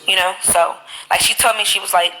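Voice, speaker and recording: A woman live streaming, telling her stories in an animated, profane way into a phone mic. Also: mid-range voice, fairly quick, low-quality recording. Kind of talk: casual live-stream chat.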